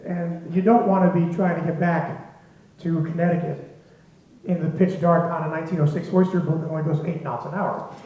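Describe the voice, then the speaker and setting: Male storyteller, lively and chuckling; higher voice, dull lo-fi echoey hall sound. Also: normal speed. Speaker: storyteller at a symposium. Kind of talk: spoken anecdote to a live audience.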